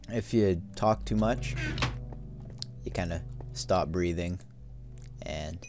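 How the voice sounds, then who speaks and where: A man giving casual, rambling gameplay commentary with lots of fillers, yawning as he plays. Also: low-pitched. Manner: rambling, easygoing, many fillers. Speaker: let's play host.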